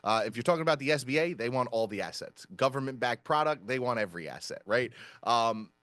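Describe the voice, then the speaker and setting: A man's voice: mid-range voice, animated, fast talker, fairly bright tone, no room sound. A man giving an upbeat webinar presentation as a company vice president, often tagging sentences with "right?". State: out of breath.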